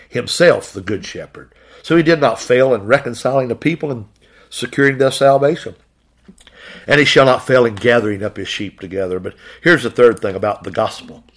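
A male preacher with a husky, slightly breathy voice delivers an earnest sermon. He reads scripture slowly and deliberately, then turns to his listeners with repeated questions. His voice sits at an ordinary middle pitch.

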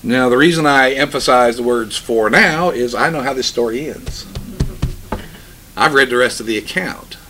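A man preaching a sermon, reading scripture slowly and solemnly, then explaining it with emphatic swells in his voice. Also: medium pitch, pushed and bright, a little hiss or hum.

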